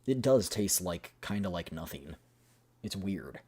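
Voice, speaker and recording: Casual male streamer, sarcastic asides, slightly husky, low-pitched. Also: sing-song, a little slow, mellow. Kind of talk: casual live-stream commentary.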